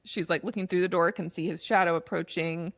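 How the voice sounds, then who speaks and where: Podcast co-host, woman; lively recap voice, dry close-mic. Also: lowish voice, fairly quick, vocal fry, no room sound. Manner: animated retelling, acts out quotes. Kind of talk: casual movie recap chat.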